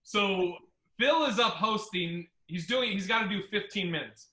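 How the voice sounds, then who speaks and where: Comic podcast host, male: high, piercing voice, cursing storyteller, echoey room. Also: a little slow. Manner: profane, animated, acts out other people's lines. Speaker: podcast host and stand-up comedian. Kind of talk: casual storytelling chat. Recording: roomy echo.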